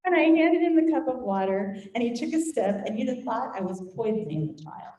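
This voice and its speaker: Older woman telling an animated story. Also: fairly high pitch, fairly quick. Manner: animated, acts out quoted voices. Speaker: Bible study teacher. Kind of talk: storytelling teaching. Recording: echoey room, faint noise.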